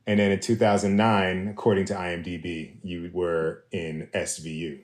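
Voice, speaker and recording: A man hosting a conversational podcast interview, relaxed and dotted with fillers. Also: sits low, moderate pace, reverberant. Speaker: podcast host.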